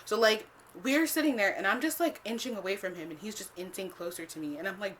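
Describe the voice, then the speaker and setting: A woman vlogger telling a casual storytime, swearing freely, filling every pause with "like" and acting out what she said back then. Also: medium pitch, a little hiss or hum. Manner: animated, swears freely, acts out her own past lines; heavy use of "like" as filler.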